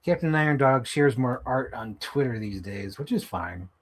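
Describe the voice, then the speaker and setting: Animated swearing male streamer. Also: normal speed, breathy edge. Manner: animated, swearing, jumps into high mock voices. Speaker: live streamer. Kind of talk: casual live stream chat while handling toy figures.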